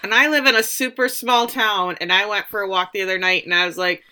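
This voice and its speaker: A woman's voice: medium pitch, steady tone, brisk, pushed and bright, smooth. A woman co-hosting a podcast in casual chat, wry, recapping plot scenes by acting out lines. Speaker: podcast co-host.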